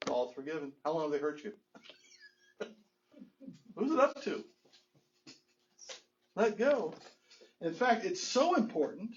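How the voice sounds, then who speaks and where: Earnest preaching pastor, slightly high voice. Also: male voice, a little mellow, dull audio. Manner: earnest, rhetorical questions, chuckles often. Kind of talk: sermon. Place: church sanctuary.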